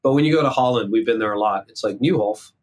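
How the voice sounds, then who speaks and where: A man's voice: lowish voice, racing, a loud crowd. A man from Canada, a guest on a podcast, joking playfully and putting on voices in his anecdotes. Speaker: guest, leadership author. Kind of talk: casual interview chat.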